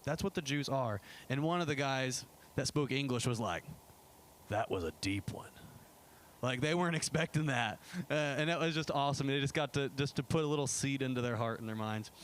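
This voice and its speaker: An enthusiastic man shares trip photos with a church congregation in a casual, rambling way, full of fillers and restarts. His voice sits at an ordinary middle pitch. A faint hiss of noise runs under the recording. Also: fairly quick, few pauses. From United States. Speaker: pastor. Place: church sanctuary.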